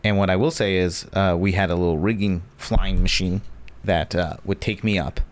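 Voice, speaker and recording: A man's voice: low-pitched, fairly even intonation, moderate pace. A man from Virginia, a podcast guest in casual chat, telling self-deprecating stories with mock boasting. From Virginia, United States.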